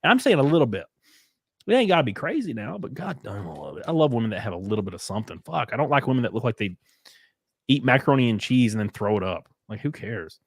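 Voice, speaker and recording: A man's voice: mid-range voice, big pitch swings, fast, husky, dry recording. A man hosting a livestream, reacting to clips with crude, profane, blunt rants. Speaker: streamer host.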